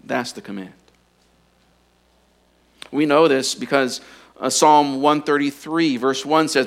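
A man preaching a sermon, earnest and urging, often dropping to a quiet intensity to press his points. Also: medium pitch, steady tone, takes it slowly, pauses often. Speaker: pastor.

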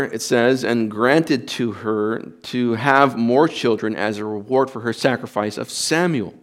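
Male pastor mid-sermon: earnest and emphatic, speaks slowly with a mid-range voice. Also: mid-range voice. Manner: earnest, emphatic preaching with repetitions and restarts.

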